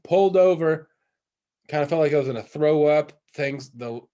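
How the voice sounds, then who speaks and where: A man's voice: a little high, fairly even intonation, fairly quick, dark tone, lo-fi sound. A young man casually telling a long story on a podcast, rambling with lots of fillers and restarts. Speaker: podcast co-host. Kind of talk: casual chat.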